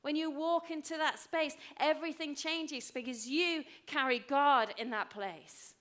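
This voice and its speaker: Lady pastor in her 50s giving a sermon, higher voice, leans on repeated lines, goes quiet for stories. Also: measured pace. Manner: emphatic, repeats phrases for weight; drops to a hushed voice for personal stories.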